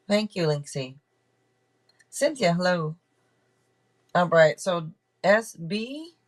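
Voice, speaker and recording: A woman hosting a tarot live stream, talking casually with viewers, thanking donors and restarting her sentences as she goes. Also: fairly low pitch. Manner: chatty, thanks donors and checks in with chat, trails off and restarts. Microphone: camera mic.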